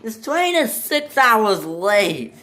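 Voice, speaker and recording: A woman's voice: medium pitch, animated, measured pace, a little hiss or hum, voice pushed up, natural voice. A woman voicing cross, impatient train passengers complaining about a late train. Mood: exasperated. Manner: complaining, exasperated.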